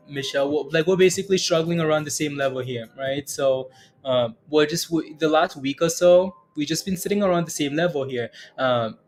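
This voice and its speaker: A man hosting a casual day-trading livestream, talking through charts and answering chat questions, rambling with frequent chuckles and fillers. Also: on the high side.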